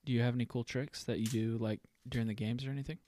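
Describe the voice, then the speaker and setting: A man hosting a casual interview, curious, asking many questions and quick to laugh. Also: medium pitch, fairly even intonation, dark tone. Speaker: podcast host.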